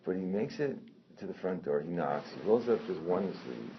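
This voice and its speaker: A man telling a personal story in a casual, animated way, swearing often and correcting himself as he goes. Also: deep voice, normal speed. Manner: animated, profane, rambling with self-corrections. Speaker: storyteller recounting a personal incident. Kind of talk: casual spoken anecdote. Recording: dull lo-fi sound with faint noise.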